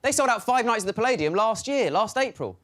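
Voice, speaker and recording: A man performing a stand-up comedy set, animated and bursting into loud shouted bits. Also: high voice, fast talker.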